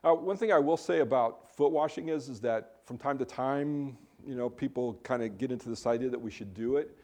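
Man, pastor, casual sermon, warm relaxed tone, conversational, self-correcting. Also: medium pitch, fairly quick. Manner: conversational, with self-interrupting restarts. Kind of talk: casual sermon, Bible teaching.

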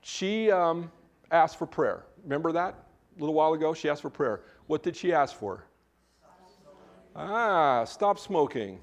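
A man's voice: a little high, lively intonation, unhurried. A male pastor preaching a conversational sermon, informal, with frequent restarts and joking asides.

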